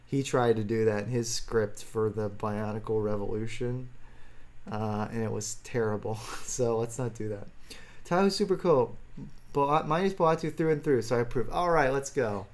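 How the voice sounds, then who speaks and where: A man's voice: medium pitch, normal speed, darkish tone. A man streaming live, answering viewer chat in a rambling, self-deprecating way and chuckling often.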